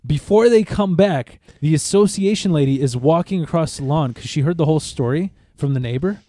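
Animated man telling a profane story. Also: on the high side, a little fast, no room sound. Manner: animated, profane, acts out quotes. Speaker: podcast co-host. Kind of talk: casual chat, storytelling.

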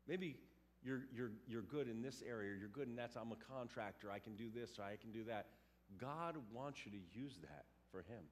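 A man preaching a sermon in a lively, animated way, acting out little scenes and voices. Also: medium pitch. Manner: animated, acts out quotes and sounds. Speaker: pastor.

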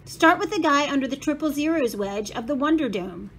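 A woman's voice: high-pitched, animated, a little fast, fairly bright tone, slight background noise, pitched above the performer's own voice. A woman reading the lines of a casual, matter-of-fact schoolboy in a storybook read-aloud.

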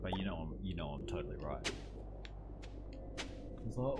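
Young man, low-pitched, lively and animated, teasing game-stream chatter, background noise. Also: moderate pace. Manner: joking, teasing, laughs often. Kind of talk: casual banter with live chat.

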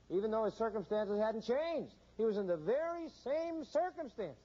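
A man's voice: sits high, lively intonation, normal speed, hardly any pauses, warm tone. A man preaching a sermon, emphatic and repetitive, with a rhythmic pulpit cadence. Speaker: pastor. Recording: dull lo-fi sermon recording.

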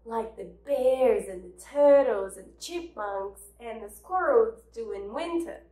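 A woman teaching a virtual preschool class, slow and cheerful, repeating words for the children. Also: fairly high pitch, expressive, warm tone, echoey room.

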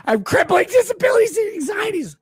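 A man's voice: very high voice, very animated, fast talker, no echo, studio quality, voice pushed up. A drunk man voicing a whiny, pathetic adult man who begs in a mocking, sobbing whine. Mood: whiny begging.

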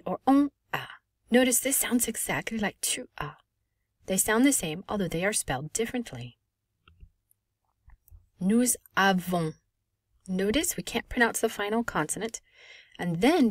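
A woman in her thirties, a French teacher, explaining a lesson clearly and patiently with lively emphasis. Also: mid-range voice, no room sound, studio quality. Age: 30s. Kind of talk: recorded language lesson.

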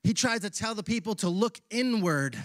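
Man, pastor, high-pitched voice, lively casual preaching, dry close sound. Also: normal speed, dry recording. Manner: casual, animated preaching with slang. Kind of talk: sermon. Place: church sanctuary.

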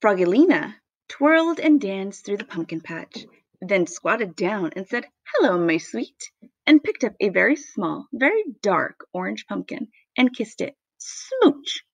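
A woman reading a children's picture book aloud, expressive and playful with sound effects. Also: medium pitch, normal speed, vocal fry, husky, dry recording. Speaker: storybook reader.

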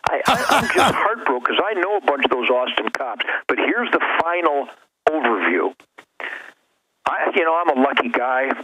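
A man's voice: medium pitch, big pitch swings, normal speed, sharp tone. A man speaking as a radio show guest, fiery and emphatic, often repeating words as he gets worked up. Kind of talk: impassioned radio interview. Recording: noisy radio broadcast.

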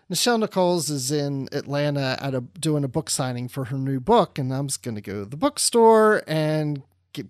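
A man's voice: on the high side, dry recording, clean studio sound. A man co-hosting a podcast, telling an anecdote in a casual chat and acting out the quotes with laughter. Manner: animated anecdote teller, acts out quotes with laughter. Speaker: podcast co-host.

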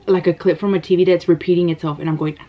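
A woman, telling a story in an animated, breathless way while eating on camera. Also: fairly low pitch, fast, slight background noise. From United States. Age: 30s. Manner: animated, gasping, breathless retelling. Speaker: mukbang vlogger. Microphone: camera microphone. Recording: slightly dull lo-fi sound.

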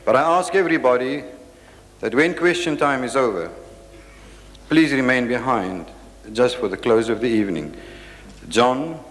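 A man's voice: medium pitch, lively intonation, normal speed, long pauses, a bit bright. A man chairing audience questions after a lecture, firm and insistent, cutting in to keep order. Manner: firm, insistent, interrupts speakers. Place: large lecture hall. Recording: long hall reverb.

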